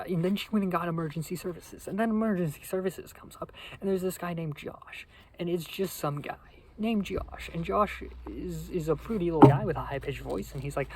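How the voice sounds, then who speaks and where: A young man telling a rambling, funny story in a casual, deadpan, profane way. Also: a little high, a little fast, slight background noise, low-quality recording. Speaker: vlogger.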